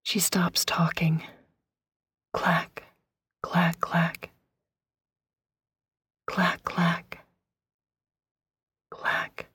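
A woman narrating a first-person story in a hushed, breathy, grieving voice that often drops to a whisper. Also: lowish voice, flat delivery, very slow, long pauses, no room sound.

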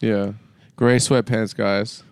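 Smooth-voiced man with dry quips. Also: on the low side, level tone, slow, no room sound. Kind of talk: casual comedic banter.

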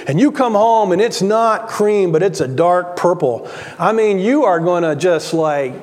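A man preaching a sermon as a pastor, earnest, repeating words and dropping quiet for emphasis. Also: sits high, animated, moderate pace, long reverb tail.

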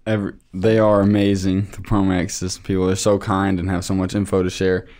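A man's voice: deep voice, level tone, fairly quick, darkish tone. A man co-hosting a podcast with his father in a studio, talking casually with a dry, teasing manner. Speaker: co-host, host's son. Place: recording studio.

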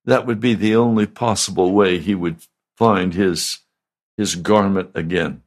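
A male pastor delivering a radio sermon, asking slow, emphatic questions. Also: deep voice, fairly even intonation.

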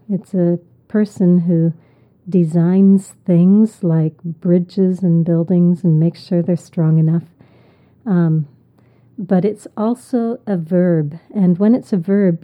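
A woman teaching English vocabulary, repeating each word and explaining it patiently. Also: fairly low pitch. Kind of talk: slow, deliberate vocabulary lesson. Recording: tinny phone-like audio.

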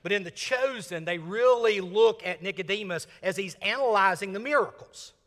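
Older man, sermon, sharp high voice, loud then hushed, reverberant hall. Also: normal speed. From Mississippi. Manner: dramatic swings from loud emphasis to hushed whispers. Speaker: senior minister.

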